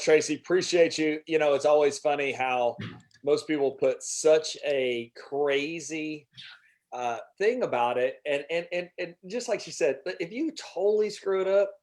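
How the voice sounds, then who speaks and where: A man hosting a sales workshop, giving a casual, energetic motivational talk full of restarts and little jokes. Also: a little high. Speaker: workshop host.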